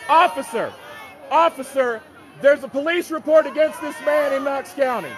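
A man filming on a city street, shouting jeers and accusations at someone across a protest, repeating taunts in a heckling, sarcastic way. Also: extremely high pitch, normal speed. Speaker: activist filming a street confrontation. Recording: street crowd noise around.

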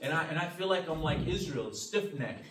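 A man's voice: fairly high pitch, expressive, normal speed. A man teaching a church Bible class as pastor, earnest and emphatic, with frequent amens and restarts. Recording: roomy, distant mic, faint hiss.

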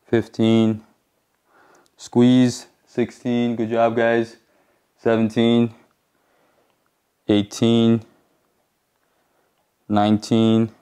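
A man's voice: medium pitch, dark tone, clear, resonant tone. A man coaching a home workout, counting reps aloud and explaining the muscles plainly, now and then out of breath. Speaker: fitness coach.

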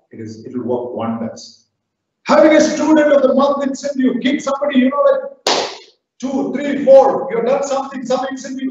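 Man, high lively lecturer voice, far from mic in big echoey hall, dull sound. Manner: lively, exhorting, acts out quick asides. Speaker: professor giving a talk to teachers. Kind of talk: animated lecture.

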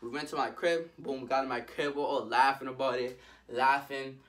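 A young man telling a storytime vlog in an animated, slangy way, jumping into loud voices for the people in it. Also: medium pitch, moderate pace, far from the mic. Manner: jumps into loud character voices. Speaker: vlogger.

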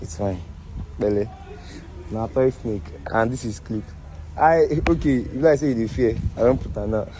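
A man's voice: medium pitch, moderate pace, dark tone, slight background noise, rough recording. A man with a Nigerian accent hosting a prank video outdoors, repeating himself in an apologetic, soothing way and laughing often. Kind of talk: casual prank banter.

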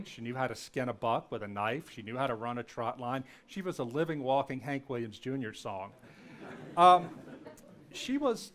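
A middle-aged man from Louisiana giving a storytelling lecture, anecdotal and animated when quoting others, with frequent ums and restarts. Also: medium pitch. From Louisiana, US South.

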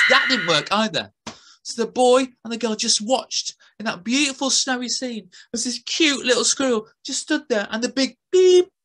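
A woman's voice: on the high side, fairly bright tone. A woman telling a playful story to children at a school assembly, adding sound effects.

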